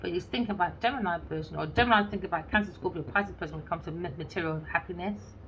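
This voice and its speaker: Racing along in a lowish voice, a woman tears through a casual tarot reading with blunt sarcasm and plenty of swearing, acting out pretend lines of dialogue. The audio is lo-fi and slightly dull, with faint noise behind her.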